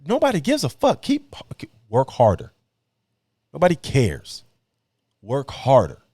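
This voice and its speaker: A man's voice: medium pitch, huge pitch swings, measured pace, dark tone, breathy edge, no room sound. A young man hosting a podcast, talking bluntly in slang and preaching hard-work advice to other men. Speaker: podcast host. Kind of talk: casual podcast debate, preachy monologue.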